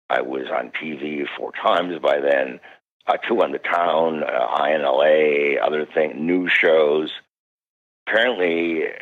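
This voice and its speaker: A man being interviewed as a guest parapsychologist, telling stories animatedly with sudden jumps in pitch. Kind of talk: recounting stories in a radio interview. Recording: dull lo-fi radio call.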